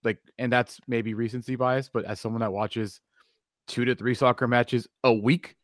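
A man co-hosting a sports talk radio show in a studio, relaxed and enthusiastic, using casual slang. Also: mid-range voice, moderate pace, no echo.

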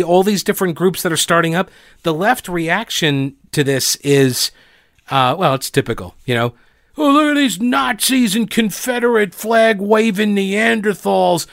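A man delivering opinionated political commentary in a slightly high voice, sarcastic and mocking, often restarting his sentences. The sound is dry and close, with no room in it. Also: no room sound.

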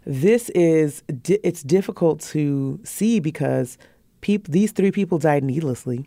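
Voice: medium pitch, animated, measured pace, dark tone, dry recording, studio quality. A podcast co-host discussing news in a thoughtful way, sometimes searching for words.

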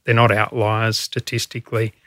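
A man's voice: on the low side, little pitch movement, normal speed, pushed and bright, no echo. Earnest Australian man, dry close sound. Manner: earnest, emotional storytelling, frequent fillers. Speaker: former fire commissioner. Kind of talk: interview answers.

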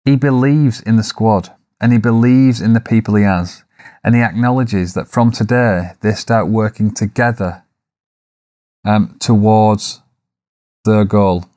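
A man with a somewhat low voice hosts a solo podcast, speaking in a reflective, coaching way. He poses rhetorical questions to his listeners and now and then drops in a self-deprecating aside, with a few fillers along the way. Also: steady tone, a little slow, mellow. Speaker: podcast host. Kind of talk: solo business podcast monologue.

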